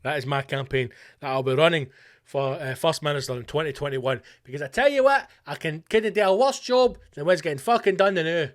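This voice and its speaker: A man's voice: a little high, fairly quick. A Scottish man hosting a podcast, delivering a profane, ranting comic monologue with mock-rallying slogans. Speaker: podcast host.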